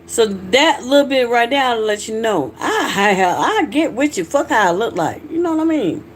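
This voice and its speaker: A woman's voice: a little high, expressive, normal speed, a little hiss or hum. A middle-aged woman from Georgia with a Southern accent, chatting frankly with viewers on her livestream and reacting to their comments. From Georgia, USA. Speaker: livestream host. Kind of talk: casual livestream chat reading comments.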